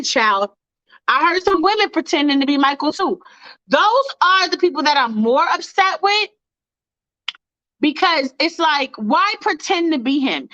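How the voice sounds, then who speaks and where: With an extremely high pitch and a fairly bright tone, a woman hosts a fan livestream, ranting bluntly and swearing a lot as she talks to her chat in a fired-up way. This casual livestream rant has no echo, and the highs are cut off.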